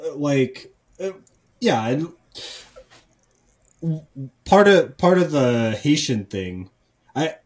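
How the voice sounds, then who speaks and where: A man's voice: fairly high pitch, expressive, slow, pauses often. A man on a casual comedy podcast, ranting profanely and rambling with lots of false starts. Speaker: podcast co-host.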